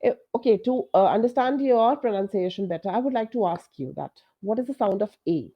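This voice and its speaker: A woman's voice: mid-range voice, animated, brisk. Casting note: woman, Indian English accent, patient pronunciation coach, explanatory, slightly dull call audio. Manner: explanatory, frank, uses many fillers like "you know". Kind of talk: online coaching session.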